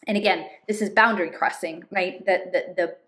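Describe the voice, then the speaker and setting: A woman reading a novel aloud and pausing for thoughtful, measured commentary. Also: on the low side, fairly bright tone. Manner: thoughtful, measured asides with fillers. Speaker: reader and commentator.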